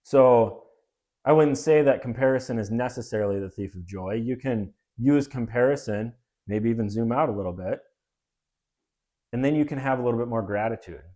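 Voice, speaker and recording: A man with a mid-range voice co-hosts a casual wellness chat. He explains ideas through everyday analogies in a relaxed, conversational way and often restarts his sentences. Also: medium pitch, normal speed. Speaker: podcast co-host.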